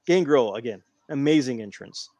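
Excitable man telling stories. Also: mid-range voice, moderate pace, no echo. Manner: enthusiastic storyteller, acts out quotes. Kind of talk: casual podcast chat.

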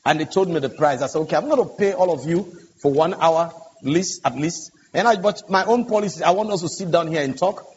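A pastor on a conference panel recounts a story with earnest emphasis, voicing the dialogue himself. He speaks briskly with few pauses in a fairly high, breathy-edged voice, captured in dull, echoey, hissy audio from a large hall.

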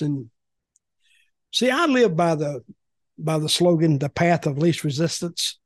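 Man, older, rambling, blunt, repeats himself, fairly high voice, dry close sound. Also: no echo. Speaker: podcast guest, former wrestling executive. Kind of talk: casual storytelling chat.

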